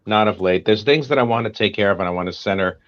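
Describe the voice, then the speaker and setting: An American man with a fairly low voice chats casually on a live stream, rambling, swearing and joking. The stream audio is dull and lo-fi. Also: fast talker. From United States. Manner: profane, rambling, jokey. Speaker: co-host and comic artist.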